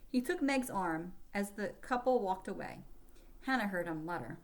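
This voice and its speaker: Woman reading an audiobook chapter, calm steady storytelling. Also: medium pitch, normal speed. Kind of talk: audiobook narration.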